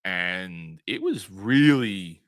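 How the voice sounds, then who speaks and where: Man, New York accent, excitable, lively swinging pitch, dry close sound. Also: very slow, no echo. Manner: animated, excitable, laughs often. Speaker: podcast co-host. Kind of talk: casual chat.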